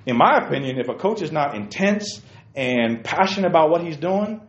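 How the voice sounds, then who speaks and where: A man hosting casual opinion talk, emphatic, swinging from quiet explaining to loud bursts. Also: fairly high pitch, big pitch swings, moderate pace. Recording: roomy, dull lo-fi sound.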